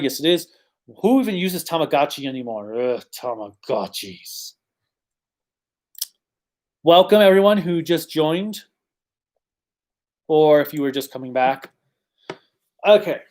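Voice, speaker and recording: A man's voice: a little high, normal speed, a little mellow. A man hosting a casual livestream Q&A, reading viewer questions and answering in a chatty, rambling way with frequent ums and self-corrections.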